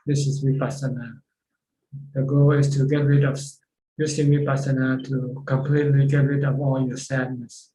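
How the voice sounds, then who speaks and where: A man teaching as a Buddhist monk, answering questions over a video call in a plain, halting way. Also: mid-range voice, flat delivery, warm tone, echoey room, low-quality recording. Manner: plain, repeats words while searching for phrasing. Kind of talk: dharma talk answering questions.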